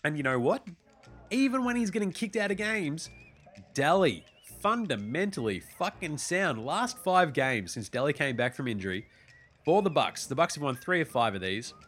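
A man's voice: fairly high pitch, sing-song, moderate pace, a bit bright, faint music behind. An Australian man hosting a casual sports podcast, talking loosely and swearing freely with a lot of slang. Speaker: podcast host.

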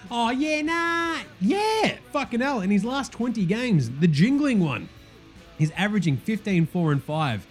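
A man's voice: high-pitched, very animated, measured pace, soft background music. A man with an Australian accent hosting a comedic sports podcast, ranting in a blunt, profane and sarcastic way. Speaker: host.

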